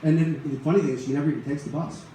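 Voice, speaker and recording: A middle-aged man tells a personal story to a live crowd, rambling and conversational, full of restarts and asides. His voice sits a bit high but sounds mellow and warm. The room around him is very echoey, with a faint hum of ambience underneath. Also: fairly even intonation, rapid-fire.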